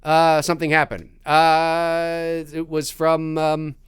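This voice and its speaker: A man's voice: a little high, monotone, slow, clear, resonant tone, dry recording, studio quality. A man hosting a casual live stream, rambling through viewer questions with many restarts and reading chat messages aloud. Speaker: voice actor. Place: home recording studio.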